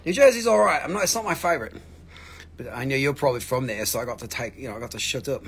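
A man hosting a live crystal sale, joking and rambling with viewers, his throat acting up so he keeps clearing it. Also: mid-range voice, animated, quick pace, fairly bright tone. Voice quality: gravelly, husky. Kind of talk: casual livestream sales chat. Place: shop studio, indoors.

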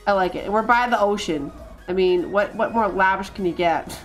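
A woman's voice: mid-range voice, moderate pace, faint music behind. A woman streaming a life-simulation game, chatting and bossing her characters around with lots of laughs and stumbling repeats. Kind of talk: live gameplay commentary.

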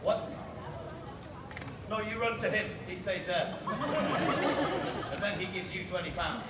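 A man with a very high, strained voice works a street crowd, ordering volunteers about and teasing them. He sounds far from the camera, with a hard echo off the surroundings. A loud crowd and heavy street noise surround him. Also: unhurried, pauses often. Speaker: street performer. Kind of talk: crowd-work street show. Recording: distant echoey outdoor sound with loud crowd.

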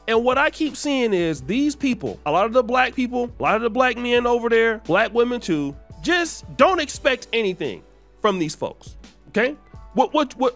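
High-pitched man ranting in heated commentary. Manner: heated, ranting, repetitive emphasis. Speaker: commentary channel host. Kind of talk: opinion commentary monologue.

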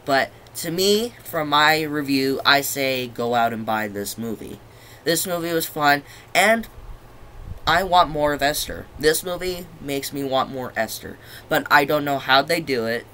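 Bright-voiced young man rambling, swearing. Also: a little high, animated, a little slow, a little hiss or hum. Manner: rambling, loses his train of thought, swears freely. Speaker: movie reviewer. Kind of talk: casual video review.

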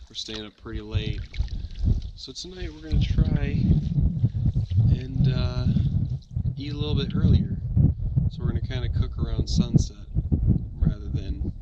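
A man's voice: mid-range voice, lo-fi sound. A man casually narrating his wilderness camping trip to camera in an easygoing, chatty way, out on a lake. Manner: laid-back, easygoing, chatty. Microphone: camera mic outdoors. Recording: noisy outdoor camera audio.

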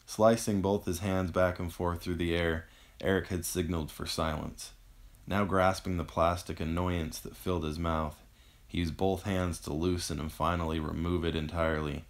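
Deep gravelly male audiobook narrator. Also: little pitch movement. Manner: measured, somber storytelling. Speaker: author and narrator.

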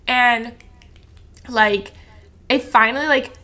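Young woman in her 20s on a podcast, crisp bright voice, talks in loops full of "like", pretty emotional. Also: a little high, slow. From Florida, USA. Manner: rambling and emotional, heavy use of "like". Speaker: podcast guest. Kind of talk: casual candid chat.

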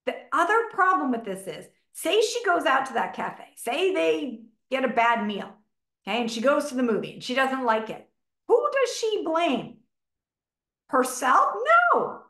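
Her voice sitting slightly high with big pitch swings and a fairly bright tone, a middle-aged woman teaches a relationship masterclass. She's chatty and unscripted, leaning on fillers and acting out brief exchanges, all in a room with noticeable echo.

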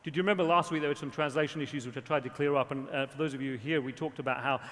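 English preacher in a reverberant church. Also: male voice, medium pitch, steady tone, rapid-fire, a bit bright. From England. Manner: storytelling with quoted voices, repeats words when starting. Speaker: pastor. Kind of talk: sermon. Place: church hall. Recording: long hall reverb.

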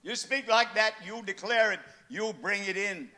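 Older man, pastor, sermon, high voice, animated storytelling. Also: normal speed. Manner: animated storytelling with acted quotes.

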